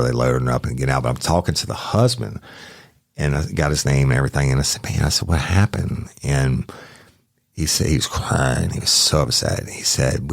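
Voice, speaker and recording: A man's voice: rumbling low, dry recording, studio quality. A man telling a rambling, profane true-crime story from his police days, correcting himself as he goes. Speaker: podcast host, former police officer.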